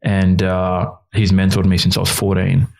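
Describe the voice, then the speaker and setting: A man's voice: sits low, monotone, normal speed, gravelly, a little mellow. A man, a guest telling a candid, emotional personal story in an interview. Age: 30s. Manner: earnest, emotional, quotes others in his stories. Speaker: youth worker and guest.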